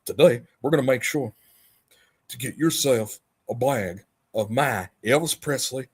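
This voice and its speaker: Man doing a hammy rock-and-roll king impression. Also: husky. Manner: hammy sales pitch, quick patter.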